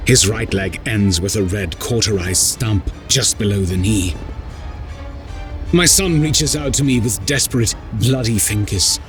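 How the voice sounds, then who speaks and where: Male narrator, deep voice, slow, grave and intense, faint music behind. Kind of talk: scripted first-person story narration.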